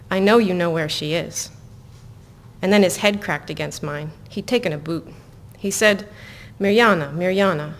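A woman author reading her own novel aloud to listeners in an even, measured way, breaking off into casual asides full of fillers. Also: on the low side. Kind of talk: live book reading with chatty asides.

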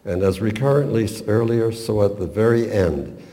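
A man lecturing on expressive poetry reading, with measured, deliberate and precise academic diction. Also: lowish voice, in a large hall.

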